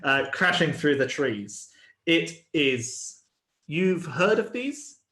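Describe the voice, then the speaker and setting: A man running a tabletop game as game master, describing the scene in a halting way with many fillers and restarts. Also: fairly high pitch, sing-song, sharp tone, reverberant. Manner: hesitant, full of ums and restarts.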